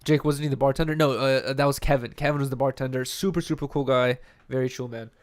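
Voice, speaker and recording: A man's voice: mid-range voice, fairly even intonation, quick pace. A young man hosting a podcast after-show, telling a story in casual, rambling chat full of slang and laughter. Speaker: podcast host.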